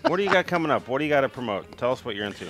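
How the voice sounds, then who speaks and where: Male host, bright forceful tone, lively pitch, wry teasing questions. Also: rapid-fire, faint music behind. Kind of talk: show hosting.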